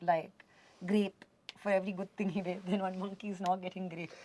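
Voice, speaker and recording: A woman from India being interviewed as a guest, talking in an animated, expressive way and slipping Hindi words into her English. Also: mid-range voice, a little fast. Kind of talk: casual conversational interview. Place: radio studio.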